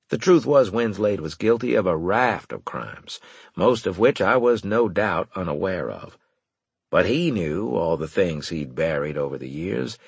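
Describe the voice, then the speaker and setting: A man narrating a first-person audiobook with wry, lively storytelling. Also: fairly low pitch, husky, no echo.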